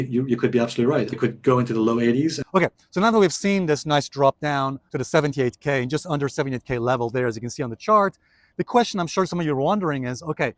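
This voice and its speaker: Male vlog host, higher voice, dry close sound, chatty explainer walking outdoors. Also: no room sound. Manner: chatty, explains step by step, addresses viewers as guys. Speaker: trading video host. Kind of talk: casual market commentary vlog. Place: outdoors on city streets.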